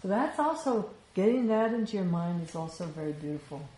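A woman with a lowish, expressive voice speaks briskly and warmly as a spiritual teacher, reflecting on Vedanta philosophy in a conversational way and often checking in with "you know." The recording has an echoey room sound with faint ambient noise.

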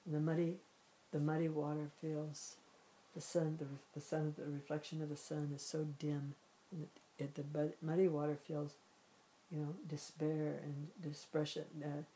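A low, mellow female voice teaching spiritual ideas in a gentle, reflective way. She often circles back and rephrases while she searches for words. A faint hiss sits under the recording. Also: rough recording. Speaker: meditation and Vedanta teacher.

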